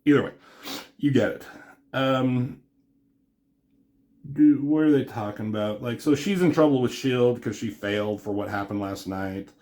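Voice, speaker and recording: A man's voice: medium pitch, measured pace, long pauses, a little mellow. Rambling casual comic reviewer man. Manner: rambling, filler-heavy, paraphrasing dialogue.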